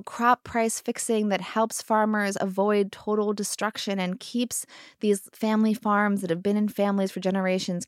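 A woman's voice: medium pitch, dry recording, clean studio sound. A woman in her thirties hosting a podcast, telling stories in a casual, wry and sarcastic way. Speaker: podcast host. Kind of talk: casual conversation.

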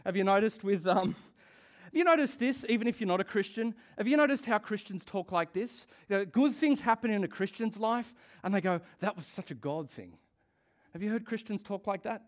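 A pastor preaching a conversational sermon, asking the congregation questions and laughing often. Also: male voice, high voice, brisk.

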